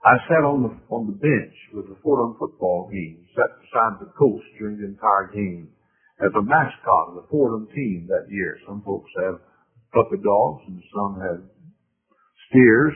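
Older man, preacher, personal story, halting then emphatic, tinny phone-like sound. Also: fairly low pitch, expressive.

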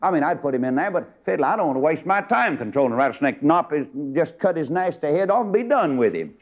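A middle-aged preacher, delivering a fiery sermon and swinging from loud highs to low asides. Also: male voice, sing-song, quick pace, hardly any pauses. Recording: dull lo-fi recording.

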